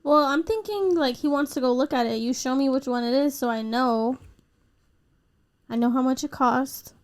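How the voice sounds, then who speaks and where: Young female podcast co-host, high voice, teasing and quick to push back. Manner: teasing, backchannels a lot. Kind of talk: casual chat.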